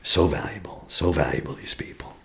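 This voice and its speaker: A man in his forties, an attachment healing practitioner, giving a reflective teaching talk, asking questions and often dropping to a soft whisper. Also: low-pitched, brisk, creaky. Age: 40s.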